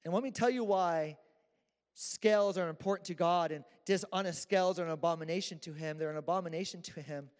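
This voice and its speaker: A man's voice: high-pitched, a little fast. A man preaching a sermon in a church, casual and joking with slang. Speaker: pastor. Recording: echoey church hall.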